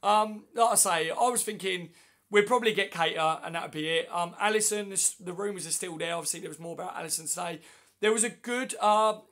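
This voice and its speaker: Hoarse man chatting on a fan livestream. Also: high-pitched, a bit bright. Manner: chatty, matey, answers comments one by one. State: hoarse with flu. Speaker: livestream host. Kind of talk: casual livestream chat reading viewer comments. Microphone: phone.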